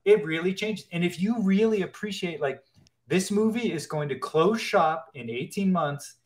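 A man speaking a little above the usual male pitch, guesting in a relaxed interview. He talks with open enthusiasm, stumbling over repeats and restarts as the ideas tumble out. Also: moderate pace. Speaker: animation guest. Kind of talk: casual interview talk.

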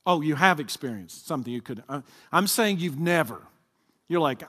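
Animated preacher in a reverberant hall. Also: male voice, on the high side, moderate pace, slightly rough. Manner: talks with the congregation, asking them to answer aloud. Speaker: pastor. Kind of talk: sermon.

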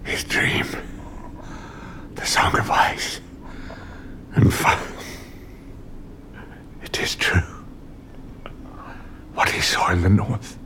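An actor playing a dying, delirious old king who speaks in a faint, breathy, halting whisper. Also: pushed and bright. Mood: feverish whisper. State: weak, near death. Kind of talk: TV drama acting.

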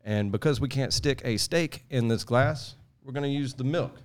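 A man's voice: mid-range voice, moderate pace. A man, a podcast host chatting casually and explaining a cocktail step by step. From Southeast Texas.

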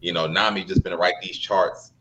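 A man co-hosting a casual roundtable podcast in a loose, slangy, expressive way. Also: sits low, moderate pace, noisy background. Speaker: podcast co-host.

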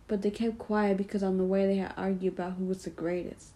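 A woman retelling a Bible passage in a loose, chatty way, full of "like" and "you know" asides, pausing to explain what it means. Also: mid-range voice, little pitch movement, warm tone, low-quality recording. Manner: explains and paraphrases the text in her own words. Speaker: Bible study leader. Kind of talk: casual Bible story retelling.

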